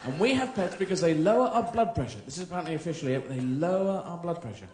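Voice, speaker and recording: A man's voice: a little high, big pitch swings, fast talker, a little mellow. A man with a British accent doing a surreal, rambling stand-up routine on a theatre stage, slipping in silly voices. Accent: British English. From England. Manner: rambling, playful, jumps into silly character voices. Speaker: stand-up comedian. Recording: echoey live theatre recording.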